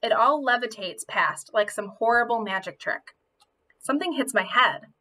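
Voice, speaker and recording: A woman reading a children's novel aloud, telling it in an expressive first-person voice. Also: a little high, normal speed. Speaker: audiobook reader.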